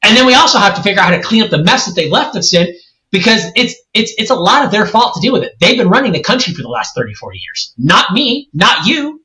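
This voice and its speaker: A man's voice: sits high, big pitch swings, fast talker, sharp tone. A man in his forties from California, co-hosting a podcast discussion in a heated, emphatic rant. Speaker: co-host. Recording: roomy echoey room.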